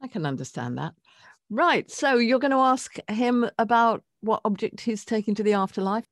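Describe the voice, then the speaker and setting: An older woman co-hosting a casual podcast chat, reflective and expressive as she introduces guests. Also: a little high, normal speed, no echo, studio quality. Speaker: co-host.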